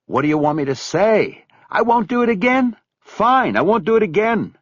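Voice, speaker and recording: A man's voice: on the high side, very animated, a little slow, fairly bright tone, no echo, muffled recording, voice pushed up, heavily acted. A man voicing an anxious, guilty middle-aged man who talks in a whiny, pleading way, raised well above his own voice.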